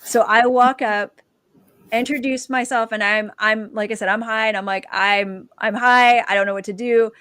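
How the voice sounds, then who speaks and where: A woman, a dancer and author, telling her personal testimony as a guest and lively acting out the quoted dialogue. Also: a little high, normal speed, clear, resonant tone, no room sound.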